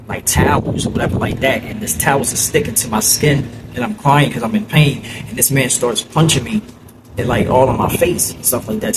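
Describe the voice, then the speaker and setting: Man telling a story over loud traffic noise. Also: mid-range voice. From New Jersey. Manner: halting, full of fillers and "you know what I'm saying". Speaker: storyteller recounting his childhood. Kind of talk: casual storytelling. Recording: loud vehicle noise behind.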